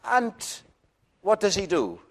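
A man preaching a sermon, earnest and pleading, often dropping to a quiet, intimate tone. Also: sits high, wildly swooping pitch, slow.

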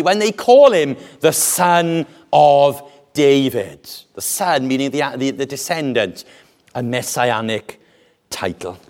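Animated, slow-paced male preacher. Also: fairly high pitch. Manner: animated, deliberate preaching with dramatic pauses. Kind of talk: sermon.

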